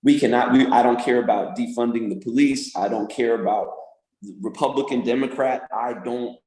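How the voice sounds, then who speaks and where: Animated man telling stories in an echoey room. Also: mid-range voice, normal speed. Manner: animated storyteller who does voices and laughs often. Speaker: podcast guest, music producer and manager. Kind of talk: casual interview chat.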